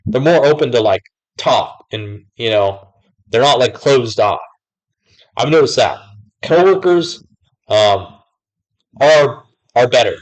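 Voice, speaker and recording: A man's voice: medium pitch, expressive, takes it slowly, long pauses, low-quality recording. A young man vlogging casually, rambling with lots of filler words as he tells what has happened lately. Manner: rambling, many fillers like "like" and "whatever". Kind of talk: casual talk to camera.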